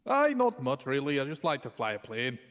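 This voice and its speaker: A man's voice: mid-range voice, wildly swooping pitch, a little fast, fairly bright tone. Joking man with reverb-soaked voice. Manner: joking, tries mock accents, crude. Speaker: roleplay character in an office. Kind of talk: in-character roleplay banter. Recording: long reverb on the voice.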